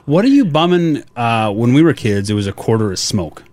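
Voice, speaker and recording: A man's voice: medium pitch, big pitch swings, fairly quick, a little mellow. A man co-hosting a radio show in casual chat, making wry, contrarian jokes. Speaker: radio co-host.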